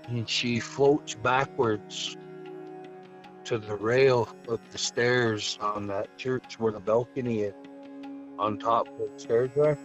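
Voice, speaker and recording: A man from the Blackfeet reservation telling a ghost story as a podcast guest, halting, with many fillers and restarts. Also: medium pitch, lo-fi sound. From Blackfeet reservation, Montana, US.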